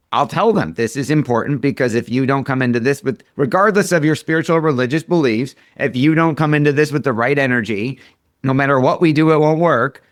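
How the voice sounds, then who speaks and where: A man's voice: mid-range voice, no echo, studio quality. A man in his forties, a marketing expert guest, talking casually and acting out quoted dialogue in his stories. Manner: storytelling, acts out quoted dialogue. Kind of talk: casual interview talk.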